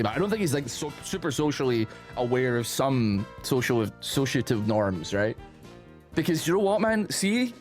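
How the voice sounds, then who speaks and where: A man rambles through casual stream commentary, animated and chatty, jumping between thoughts. His voice sits at a middle pitch, with faint music playing underneath. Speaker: streamer reacting to posts.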